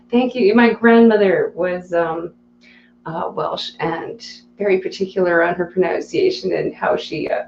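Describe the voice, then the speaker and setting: Woman streamer with a gravelly edge, chatty and laughing between chat reads, in a roomy, slightly dull home recording. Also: fairly low pitch, fairly even intonation, a little slow, darkish tone, a little hiss or hum. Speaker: live streamer reading chat. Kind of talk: casual live-stream chat.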